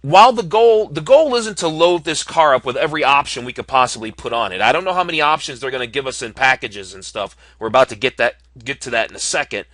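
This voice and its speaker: Talking quickly with hardly any pauses, a man in an expressive, medium-pitched voice with a fairly bright tone clicks through an online car configurator. It's casual screen-recorded commentary with frequent ums and uhs, and there's no echo.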